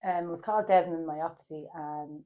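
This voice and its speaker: A woman from Ireland with a Dublin accent, a podcast guest in casual chat, hesitant with many fillers, animated when telling stories. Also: sits low, normal speed.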